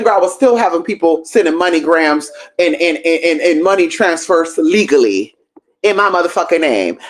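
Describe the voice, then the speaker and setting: A woman hosting a livestream, telling a story in a sassy, profane, animated way. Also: low voice. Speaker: livestream host.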